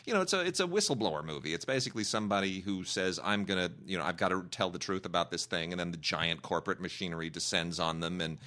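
Bright-voiced opinionated male podcaster. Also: low-pitched, quick pace, hardly any pauses. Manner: enthusiastic, opinionated, talks in long runs. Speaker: podcast co-host. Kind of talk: casual film review chat.

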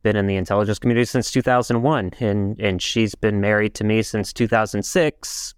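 A middle-aged man hosts a podcast in a lowish, smooth voice. He talks earnestly and at length, restarting his phrases now and then. The recording is dry and close. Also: steady tone, fairly quick, no echo. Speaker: podcast host. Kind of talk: casual interview talk.

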